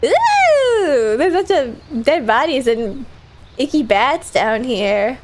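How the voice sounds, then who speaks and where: A young woman streamer chatting over gameplay, bubbly and giggly. Her high voice bounces all over the place as she talks. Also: animated, takes it slowly, very noisy. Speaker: VTuber streamer. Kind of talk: casual gameplay commentary.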